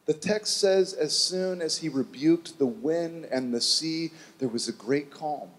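A man preaching a sermon, telling a Bible story in an animated way and acting out the voices of its people. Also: on the high side, unhurried, big-room sound. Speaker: pastor.

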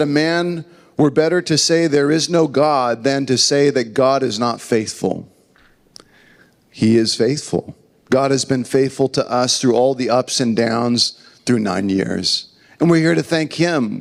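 A man's voice: medium pitch, vocal fry, long reverb tail. A man preaching a sermon as the pastor of his church, earnest and conversational, telling a joke along the way. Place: church building.

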